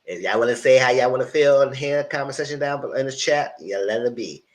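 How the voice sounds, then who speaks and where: A man giving casual, animated commentary on reality TV, voice only, speaking straight to his viewers in slangy talk. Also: mid-range voice, fast talker, rough recording. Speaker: TV review host. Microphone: voice only, no camera.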